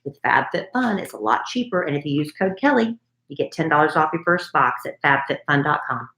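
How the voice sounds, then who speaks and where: A woman's voice: sits low, animated, fairly quick, a bit bright. A middle-aged woman co-hosting a podcast, chatting in a teasing, friendly way. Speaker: podcast co-host. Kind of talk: casual chat. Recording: roomy echo, faint noise.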